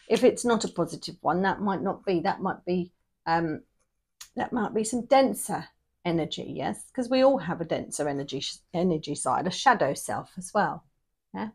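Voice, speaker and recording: A woman giving a casual tarot reading, chatty and rambling, often checking in with "yeah?". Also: medium pitch. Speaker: tarot reader.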